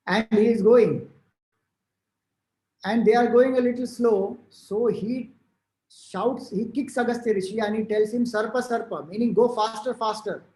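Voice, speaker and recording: High-voiced Indian man giving a spiritual talk. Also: dark tone. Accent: Indian English. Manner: storytelling, explanatory, with fillers and restarts. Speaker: spiritual teacher. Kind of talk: devotional discourse. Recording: roomy echo.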